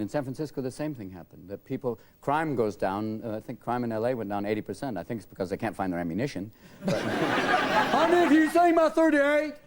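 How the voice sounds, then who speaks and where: A man's voice: medium pitch, darkish tone. Male comedian bouncing between voices. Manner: rapid switches into put-on voices and impressions. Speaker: talk show guest, comedian. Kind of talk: comic talk-show anecdotes. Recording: TV studio with audience laughter.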